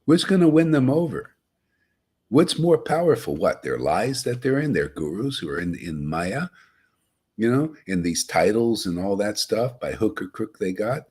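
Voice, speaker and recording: A man's voice: on the low side, big pitch swings, normal speed, darkish tone, husky. A man giving an informal, emphatic spiritual talk to a group, folksy and chuckling, often asking "see?". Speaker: spiritual teacher.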